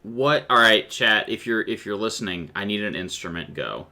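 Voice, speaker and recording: A man running a tabletop game for a live stream, talking to his players and the chat. His voice sits a little low yet sounds bright and forward, and he livens scenes with silly vocal sound effects. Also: lively intonation, moderate pace. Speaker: game master.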